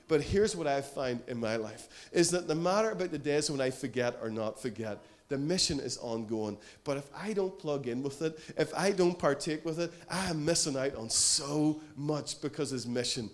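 A man's voice: a little high, moderate pace, few pauses. A man preaching a sermon from Ireland, earnest and storytelling, often acting out the voices in his stories. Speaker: pastor.

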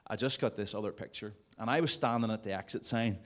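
A man's voice: fairly low pitch, fairly even intonation, brisk, few pauses. A man preaching a sermon to a congregation in a conversational way, with jokey asides. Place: church service before a congregation.

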